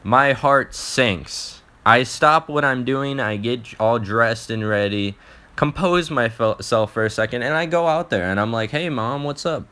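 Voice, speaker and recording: A man's voice: medium pitch, animated, a little slow, pushed and bright, clean tone. A young man telling an embarrassing personal story in a casual, profane vlog, often restarting his sentences.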